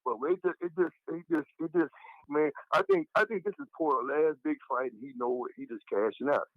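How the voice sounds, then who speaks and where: A man from Texas with a Southern accent, calling in to chat casually, animated and repetitive, swearing freely. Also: on the high side, fairly quick, dry recording, phone-quality sound. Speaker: caller.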